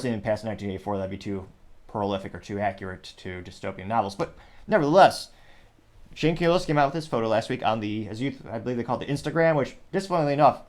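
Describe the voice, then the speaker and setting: A man's voice: on the low side, darkish tone. A man hosting a casual commentary show, reading social media comments aloud with wry, rambling asides and frequent self-corrections. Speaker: host.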